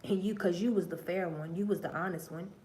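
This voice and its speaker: Woman host, lowish voice, profane and preachy livestream monologue that drops to murmurs and then rises to loud bursts, faint hiss behind. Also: steady tone, a little fast. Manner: profane, preachy storytelling addressing viewers as y'all; swings between low murmurs and loud emphatic bursts.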